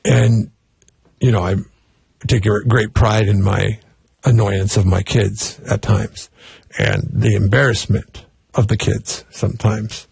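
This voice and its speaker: Gravelly middle-aged male morning show host. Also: lowish voice, flat delivery, slow, darkish tone, no room sound. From US West Coast. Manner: rambling, self-correcting, wry. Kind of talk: casual morning show banter.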